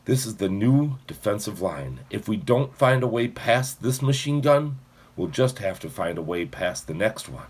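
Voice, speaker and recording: A man voicing a resourceful teenage boy soldier who talks fast and bluffs under pressure. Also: fairly low pitch, big pitch swings, darkish tone, slightly rough. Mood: urgent.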